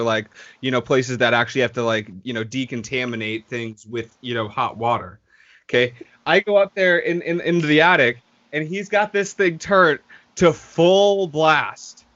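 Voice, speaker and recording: A man's voice: mid-range voice, moderate pace, highs cut off. A man telling a long story on a podcast in casual, profane chat, acting out what others said. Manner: animated, profane, acts out quotes. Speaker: podcast co-host.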